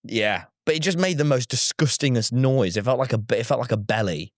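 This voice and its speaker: A man telling a comic story on a podcast, animated and giggly, with plenty of exaggeration. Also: mid-range voice, brisk, dry recording, clean studio sound.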